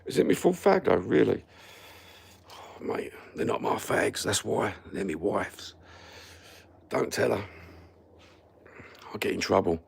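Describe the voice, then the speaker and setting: A man's voice: on the low side, very animated, a little slow, creaky, pauses often, breathy edge. A Cockney man ranting sarcastically and swearing constantly as he chats on a live stream. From London. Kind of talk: casual live-stream rant.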